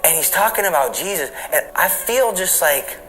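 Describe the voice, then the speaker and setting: A man's voice: fairly high pitch, expressive, normal speed, fairly bright tone, low-quality recording. A man in his late thirties giving a candid, reflective personal testimony in an interview, laughing now and then. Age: late 30s. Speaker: interview guest.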